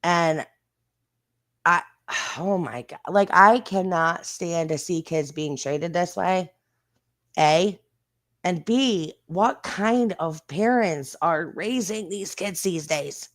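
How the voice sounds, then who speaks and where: A livestream host reacts to viral clips in a blunt, indignant way, with mild swearing. The voice sits at an ordinary middle pitch and chats straight to the viewers. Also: slow, a bit bright. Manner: chatty, talks straight to the viewers. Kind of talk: casual livestream commentary on viral videos.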